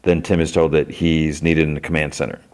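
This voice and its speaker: A man hosting a podcast, casually recapping a TV episode and slipping into quick voices for the characters. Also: rumbling low, level tone, a little mellow. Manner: retells scenes with quick voice shifts for characters. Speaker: podcast host. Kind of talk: casual plot recap with acted quotes.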